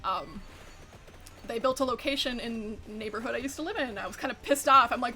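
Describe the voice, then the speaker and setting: A woman's voice: fairly high pitch, lively intonation, moderate pace, pauses often, bright, forceful tone, soft background music. A woman streaming a game as a VTuber, chatting casually, giggling a lot and swearing freely. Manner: giggly, chatty, often breaks into laughter. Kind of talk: casual chat while gaming.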